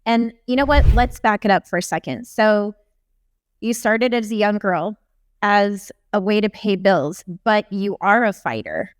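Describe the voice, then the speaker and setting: A woman's voice: medium pitch, a little slow, clear, resonant tone, no echo. A woman hosting an interview, asking questions in an eager, upbeat way. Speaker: host.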